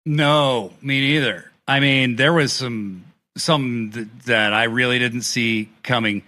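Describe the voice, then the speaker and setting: A man co-hosting a wrestling review podcast, talking excitedly and swearing freely as he recaps matches and acts out the wrestlers' lines. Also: mid-range voice, slow. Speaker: podcast co-host. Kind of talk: casual wrestling review chat.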